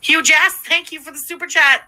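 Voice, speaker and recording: Woman host, high bright voice, blunt and profane, reaction stream. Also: fairly even intonation, a little fast, low-quality recording. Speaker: livestream commentary host. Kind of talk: livestream reaction commentary.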